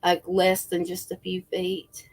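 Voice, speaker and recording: Slow-talking gravelly woman. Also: on the low side, monotone. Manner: rambling, many fillers and restarts, addresses viewers as y'all. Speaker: spiritual livestream host. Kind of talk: casual chat to viewers.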